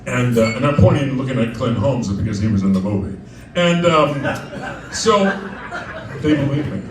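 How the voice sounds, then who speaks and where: A man's voice: medium pitch, lively intonation, moderate pace. A man performing live comic storytelling at a club, chatty and digressive, often laughing as he talks. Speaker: cabaret performer. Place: club stage with diners. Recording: echoey live room, distant mic, crowd noise.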